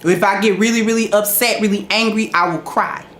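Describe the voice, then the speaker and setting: Woman host, casual and emphatic, middle pitch, echoey room. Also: steady tone, fairly quick, a bit bright, a little hiss or hum. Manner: conversational, emphatic, preachy when making points. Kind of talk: casual storytelling talk to a live chat.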